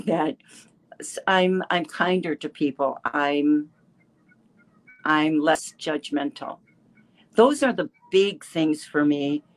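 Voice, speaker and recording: A woman in her seventies giving a halting personal testimony with many restarts, a little emotional. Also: low voice. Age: 70s. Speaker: caller sharing a testimonial.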